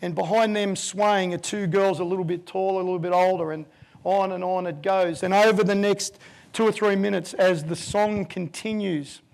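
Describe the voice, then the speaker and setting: A man's voice: high voice, moderate pace, vocal fry. A man in his fifties giving a keynote talk, telling a vivid story and acting out the voices in it. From Australia. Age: 50s. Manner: vivid, animated storyteller who acts out voices. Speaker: keynote speaker.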